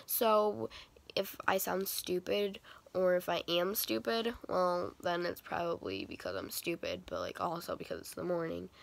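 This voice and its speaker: A woman's voice: on the low side, lively intonation, a little slow, gravelly. A teenage girl vlogging casually in her morning voice, chatty and self-deprecating, filming on a phone in her bedroom. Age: teen. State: groggy morning voice. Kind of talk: casual vlog. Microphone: phone camera.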